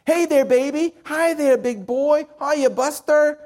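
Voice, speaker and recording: A man voicing a grimy, tender-hearted old drunk man in a sermon story, cooing high to a baby and later speaking low and hushed. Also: slow pace.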